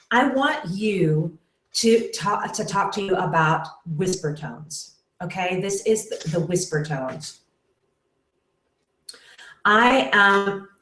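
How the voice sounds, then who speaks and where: Lively woman teaching singing. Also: mid-range voice. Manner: demonstrates with short sung syllables. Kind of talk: webinar vocal lesson. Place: room with echo. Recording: roomy echo.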